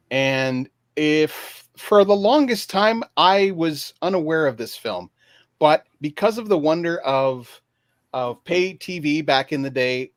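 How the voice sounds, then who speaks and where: A man's voice: a little high, no room sound. Hesitant man with a dry close sound. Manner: hesitant, many fillers and restarts. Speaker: guest picking favorite films. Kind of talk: casual online panel chat.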